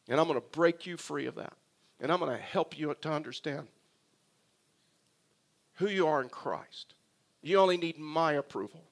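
A man's voice: a little high, moderate pace, long pauses. A man preaching a sermon, speaking earnestly and repeating phrases as he addresses the congregation. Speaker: pastor.

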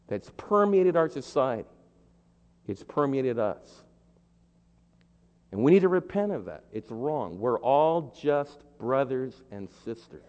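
A man from the East Coast of the United States preaching a sermon as pastor, using repeated rhetorical lists and questions and building to loud, emphatic peaks. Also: mid-range voice. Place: large church sanctuary. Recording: dull lo-fi sound in a reverberant hall.

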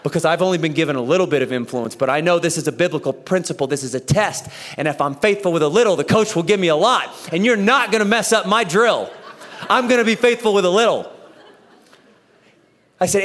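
A man in his thirties preaching a sermon, telling a story with lively acted-out dialogue. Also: high voice, fast. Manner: animated storytelling, acts out dialogue. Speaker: pastor. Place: church auditorium. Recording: echoey church hall.

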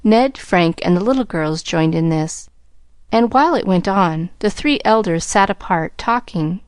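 Woman audiobook narrator, mid-pitched, measured classic-novel reading, dry booth sound. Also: animated, clear, resonant tone, dry recording. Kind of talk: scripted narration.

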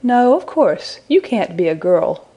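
A woman voicing an innocent, curious young woman who asks gentle, wondering questions, in a storybook reading. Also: mid-range voice, very animated, measured pace, breathy edge, heavily acted.

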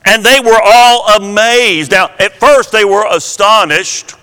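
A man preaching in a slow, deliberate sermon, repeating key words for emphasis. His voice sits high and sounds bright and forceful. A long reverb trails behind him as it carries through the hall. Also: clear, resonant tone. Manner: slow, emphatic Bible teaching with repetitions.

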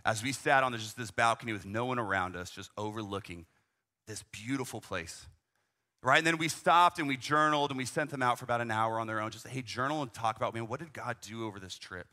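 A man's voice: mid-range voice, fast, pushed and bright. A young man, a youth ministry leader, telling a travel story in a conversational way, full of "man" and "right?" asides. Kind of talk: storytelling talk.

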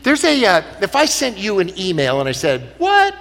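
A middle-aged man giving an animated, joking talk to a church crowd, moving from hushed lines to loud punchlines. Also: sits high, normal speed, gravelly. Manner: animated, jokey, swings from quiet to loud. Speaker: speaker. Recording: long reverb of a large hall.

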